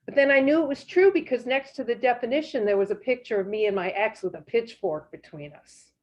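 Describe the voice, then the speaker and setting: A woman doing stand-up on a comedy stage in a musing, deadpan way. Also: on the high side, fairly quick. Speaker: stand-up comic. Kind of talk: live stand-up set. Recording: dull lo-fi stage recording.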